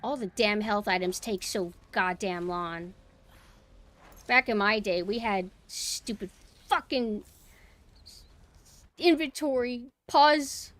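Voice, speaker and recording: A woman's voice: mid-range voice, slow, long pauses, fairly bright tone. A young woman streaming a horror game, cursing and yelping with frustration as she plays. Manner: swearing, frustrated outbursts and yelps. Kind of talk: gaming stream commentary. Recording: game music playing underneath. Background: game music.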